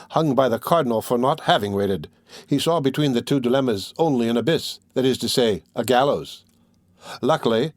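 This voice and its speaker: A man narrating a classic novel aloud in a measured, even audiobook reading. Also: mid-range voice, dry recording, studio quality.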